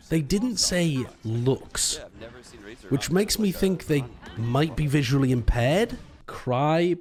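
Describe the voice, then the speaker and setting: A man in his thirties, a streamer riffing through deadpan, rambling tangents while reading chat. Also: lowish voice. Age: 30s.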